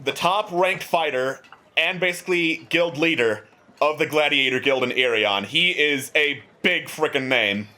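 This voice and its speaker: A man's voice: on the high side, unhurried, bright, forceful tone. A man narrating a tabletop game as game master, chatty and full of fillers.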